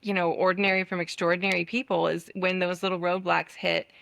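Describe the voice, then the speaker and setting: A woman's voice: lowish voice, level tone, brisk, vocal fry, fairly bright tone, no room sound. Affirming woman host, close dry mic. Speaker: podcast host. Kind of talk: casual interview chat.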